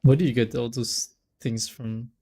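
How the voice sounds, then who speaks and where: Male streamer, mellow tone, rambling casual chat, trips over names. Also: medium pitch, fairly even intonation, normal speed. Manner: rambling, stumbles over names, laughs often. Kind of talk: casual let's-play chat.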